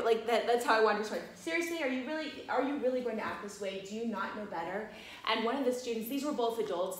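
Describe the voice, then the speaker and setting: Animated woman telling a story, echoey room. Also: mid-range voice, slight background noise. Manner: animated, laughing, many fillers like "you know". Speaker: massage college teacher. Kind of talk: casual storytelling talk.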